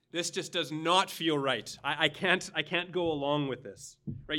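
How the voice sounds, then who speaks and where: Male pastor, sermon delivery, earnest and emphatic, voice on the higher side, rhetorical "right?" asides. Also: fairly bright tone. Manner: earnest, dramatic, with pauses and rising emphasis; frequent "right?" asides to the congregation.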